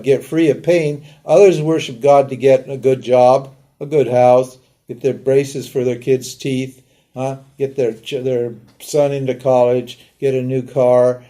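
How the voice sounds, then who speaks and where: A man's voice: medium pitch, dark tone. An older man teaching a live lecture in a conversational way, asking rhetorical questions and acting out pleading prayers. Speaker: Vedanta teacher.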